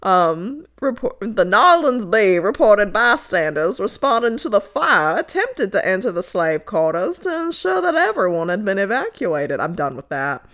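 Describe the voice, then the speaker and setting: A woman from Connecticut telling a dark history story on a casual podcast, swearing and joking between quotes she reads. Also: medium pitch, sing-song, normal speed, hardly any pauses. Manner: profane, laughing, jokey asides while reading quotes.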